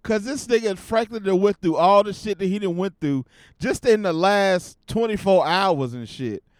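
Animated, high-voiced podcast host ranting. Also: male voice, normal speed, no room sound, clean studio sound. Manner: profane, slangy, gets fired up and loud when ranting. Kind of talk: casual solo podcast rant.

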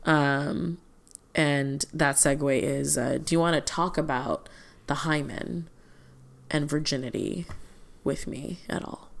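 A woman's voice: low voice, fairly even intonation, slow pace, gravelly. A woman co-hosting a podcast, telling stories in a rambling way with plenty of ums and asides. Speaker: podcast co-host. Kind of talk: casual podcast chat.

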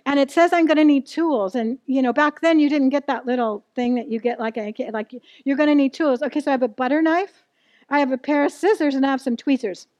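Middle-aged female preacher, high voice, dry recording, candid and conversational with the congregation. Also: brisk, darkish tone, no echo, lo-fi sound. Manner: candid storytelling, asks the audience questions. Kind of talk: sermon to a live church audience.

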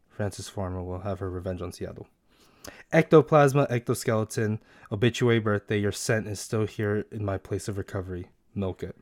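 Young man, low voice, laid-back and casual, reads quiz options aloud. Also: no echo, studio quality. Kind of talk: casual chat doing online quizzes.

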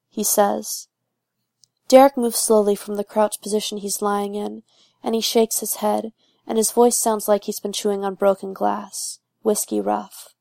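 A woman narrating a fan fiction audiobook in a steady, even reading voice. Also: medium pitch, moderate pace, creaky, no room sound, studio quality.

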